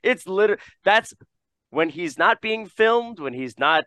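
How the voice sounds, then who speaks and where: A man hosting a casual podcast chat, animated and laughing often, with casual swearing. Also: high voice, measured pace, no echo.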